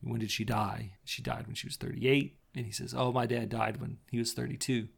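A man with a gravelly, fry-tinged voice at an ordinary pitch chats through a TV episode for a podcast. He keeps slipping into quick quoted lines and laughs as he goes, in a loose, casual co-host manner. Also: steady tone. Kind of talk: casual chat recapping a TV episode.

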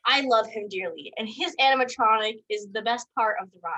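Young woman, slightly high voice, giggly rambling podcast co-host. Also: a little fast, pushed and bright, rough recording. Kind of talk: casual chat.

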